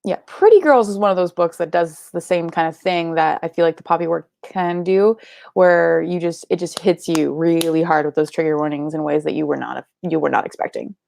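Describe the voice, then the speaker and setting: A young woman runs a live book club stream, reading comments and chatting casually, full of likes, ums and the occasional swear word. Her voice is low, creaky and darkish in tone, her pace brisk, with a faint hiss or hum in the background.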